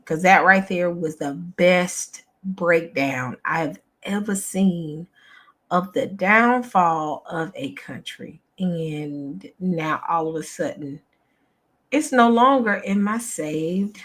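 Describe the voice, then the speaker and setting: Slow-talking woman host. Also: on the low side, fairly bright tone. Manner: exasperated, chatty, addresses viewers as y'all. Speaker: channel host. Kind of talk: casual chat to viewers.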